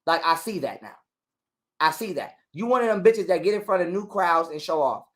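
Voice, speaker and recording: A man's voice: sits high, expressive, brisk, fairly bright tone. A man telling a heated, profane story as a guest on an interview show. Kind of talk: casual storytelling.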